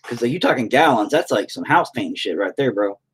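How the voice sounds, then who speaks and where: A man's voice: medium pitch, expressive, brisk, husky. A young man hosting a painting stream, rambling and joking crudely while he paints and reads chat aloud. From United States. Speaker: painting livestream host.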